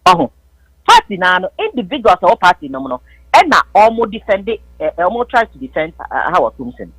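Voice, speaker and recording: A woman's voice: medium pitch, very animated, quick pace, fairly bright tone, slightly rough, dry recording, rough recording. A Ghanaian woman calling into a political talk show, speaking emphatically and switching between English and Twi. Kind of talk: heated political call-in debate.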